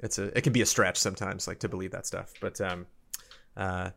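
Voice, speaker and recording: A man co-hosting a podcast, chatting casually in a rambling, animated way with lots of fillers. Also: deep voice, a little fast, gravelly. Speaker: podcast co-host. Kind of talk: casual chat.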